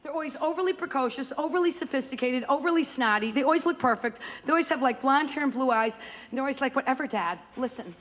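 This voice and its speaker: A woman comedian doing brash, rapid-fire stand-up on a comedy club stage. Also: high voice. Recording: live club recording, loud audience laughter.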